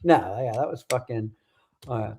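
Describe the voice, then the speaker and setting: A man's voice: medium pitch, lively intonation, a little slow, darkish tone. A man hosting a show, chatting casually in crude, rambling banter and laughing often. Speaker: show host. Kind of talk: casual podcast chat.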